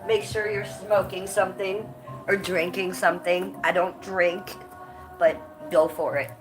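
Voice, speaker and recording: A woman's voice: on the low side, steady tone, unhurried, over music. A woman hosting a casual livestream, blunt and profane, her voice stuffed up from a cold, with coughs between her lines. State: congested and coughing. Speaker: livestream host.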